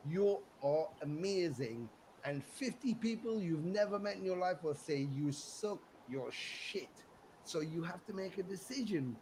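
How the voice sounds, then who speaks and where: A middle-aged English man tells stories in a casual interview, animated and quick to act out what others said. His voice sits a little high for a man. A faint hiss runs under the call audio. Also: poor audio. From England. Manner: animated storyteller, acts out quotes, swears freely. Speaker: musician guest.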